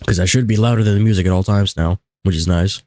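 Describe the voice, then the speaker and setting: Groggy deep-voiced man streaming a game. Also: fast, darkish tone, dry recording. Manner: casual, rambling, self-talk while playing. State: groggy just-woke-up morning voice. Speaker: livestreamer. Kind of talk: live gameplay commentary. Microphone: desk streaming mic.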